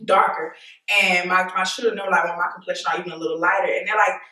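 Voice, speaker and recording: A woman hosting a casual group discussion, telling animated stories about her children and quoting their words. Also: lowish voice, fast talker. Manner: animated storytelling, quoting family conversations. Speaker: host. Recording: echoey room, mic at a distance.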